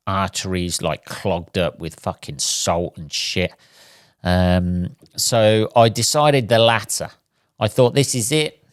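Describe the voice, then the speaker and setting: A podcast host goes solo with a sweary, rambling comic rant in a casual monologue. His deep, smooth voice comes through a clean, dry studio recording.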